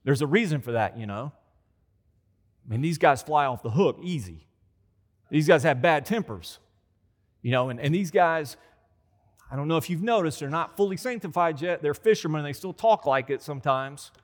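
A man's voice: on the high side, expressive, moderate pace, pauses often. A man preaching a conversational sermon as a pastor. He repeats phrases for emphasis and acts out quoted voices. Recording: long hall reverb.

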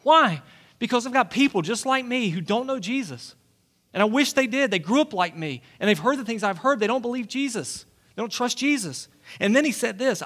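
A man's voice: extremely high pitch, animated, a little fast, a bit bright. A man in his forties preaching a sermon in a church, earnest and pleading, often asking the listeners questions. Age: 40s. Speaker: pastor. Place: church sanctuary.

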